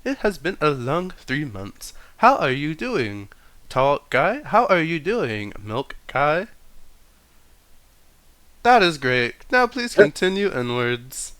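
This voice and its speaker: A man's voice: a little high, sing-song, takes it slowly, fairly bright tone, smooth, dry recording, pitched above the performer's own voice, exaggerated voice. A man voicing a chipper male robot greeter who talks in a stiff, polite, blunt way. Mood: deadpan polite. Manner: stiff, polite, rudely literal.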